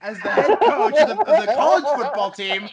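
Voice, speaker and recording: A man's voice: very high-pitched, very animated, a little fast, highs cut off, over a noisy crowd. A man in casual chat, animatedly retelling a video game story and laughing as he goes.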